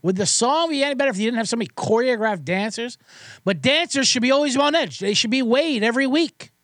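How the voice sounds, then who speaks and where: A man's voice: very high voice, expressive, quick pace, a bit bright, no room sound, studio quality. A man hosting a podcast, ranting in a profane, sarcastic and rambling way with many restarts. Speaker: podcast host. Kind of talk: comedic rant.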